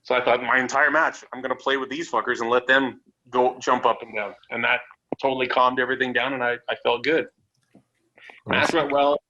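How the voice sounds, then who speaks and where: A man from Canada, a wrestler guest on a podcast interview, telling stories in a casual, animated way, swearing freely and acting out what others said. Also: mid-range voice, fairly quick. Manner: animated, swearing, acts out quotes. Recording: dull lo-fi audio with faint noise.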